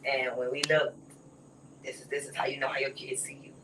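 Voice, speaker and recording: A woman telling a personal story in a casual conversation, often dropping to a soft near whisper. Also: extremely low pitch, level tone, fairly quick, far from the mic, background noise.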